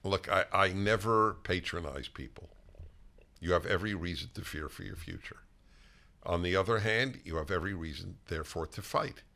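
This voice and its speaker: An older man hosting a political talk show conversation, emphatic and halting, with frequent restarts. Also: deep voice, gravelly, bright, forceful tone. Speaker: host.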